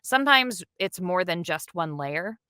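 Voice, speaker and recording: A woman who works as a dub director, chatting animatedly and enthusiastically in an interview, with quick asides. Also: fairly low pitch, lively intonation, bright, forceful tone, clean tone, no room sound, studio quality. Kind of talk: casual interview chat.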